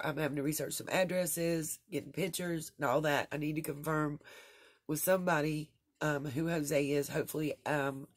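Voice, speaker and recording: A woman's voice: sits low, slightly rough, dry recording, clean studio sound. A woman vlogger talking straight to her viewers in an earnest, rambling way, with many fillers and restarts. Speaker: true crime vlogger. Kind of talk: casual commentary to viewers.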